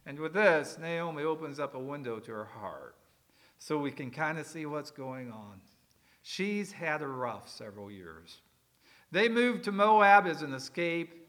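A man's voice: fairly high pitch, lively intonation, a little slow, fairly bright tone. A man preaching a sermon, explaining words in a conversational way with folksy asides. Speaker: pastor.

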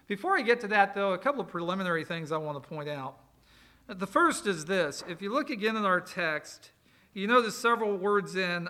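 A middle-aged male pastor preaching a sermon, explaining scripture with emphatic rises, soft asides and personal stories. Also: high voice. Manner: expository preaching with Greek word study and personal stories.

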